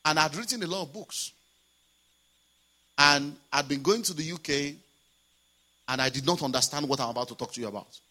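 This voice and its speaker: Nigerian pastor, male, sermon storytelling; lively, hushed to shouting, sharp tone. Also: on the high side, fairly quick, pauses often. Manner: animated, swings from hushed to shouting.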